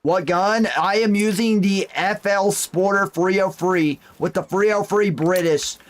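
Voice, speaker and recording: This is relaxed live-stream commentary from a young man playing a hunting game. He talks at an easy pace in a high voice, reading out viewer messages and tossing in folksy exclamations.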